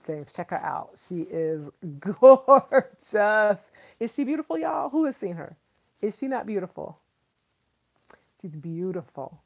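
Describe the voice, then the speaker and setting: A woman's voice: mid-range voice, very animated, takes it slowly, creaky. A woman hosting a casual livestream, chatting enthusiastically with viewers, calling them y'all and repeating herself for emphasis. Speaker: livestream host.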